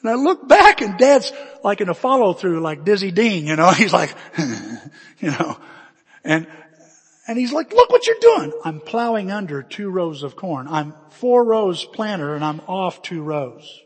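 A man preaching a sermon through animated stories, acting scenes out with sudden shouts. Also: high voice, normal speed, slightly rough. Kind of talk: storytelling sermon. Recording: long reverb of a large hall.

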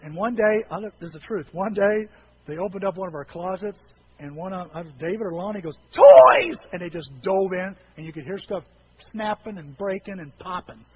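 A man's voice: sits high, a little fast, highs cut off. A man preaching a humorous sermon, telling folksy stories and jokes to a congregation.

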